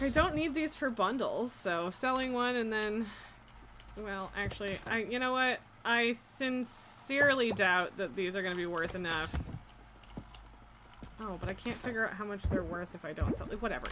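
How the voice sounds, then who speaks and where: A woman's voice: medium pitch, bright, forceful tone, slight background noise. A woman streaming a farming game, chatting casually and giggling, who slips into baby talk with her cat. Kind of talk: casual livestream chat while playing a farming game.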